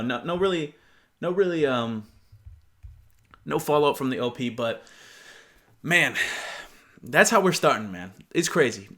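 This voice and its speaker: A man's voice: medium pitch, fairly bright tone. A young man giving casual reaction commentary, blunt, profane and openly incredulous. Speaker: online commentator.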